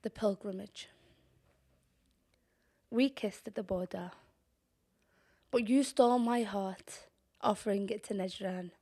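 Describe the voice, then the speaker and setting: A young woman with a Scouse accent performing spoken-word poetry in a measured, deliberate way, sometimes dropping to a whisper. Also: mid-range voice, warm tone. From Liverpool, England. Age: young adult. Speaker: poet.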